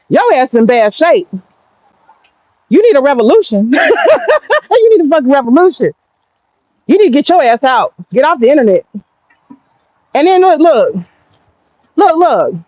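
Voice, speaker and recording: A brash woman streamer rattles off profane gossip to her viewers, laughing often. Her voice sits high for a woman. The sound is dull and lo-fi, close and dry. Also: a little mellow, no echo. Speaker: streamer and commentator. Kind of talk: casual gossip commentary.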